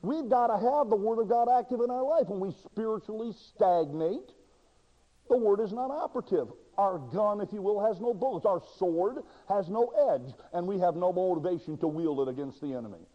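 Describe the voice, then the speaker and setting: A man preaching a sermon with dramatic delivery, acting out quoted voices and swinging between loud and hushed passages. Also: high voice, fairly quick. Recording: dull lo-fi sound in a reverberant hall.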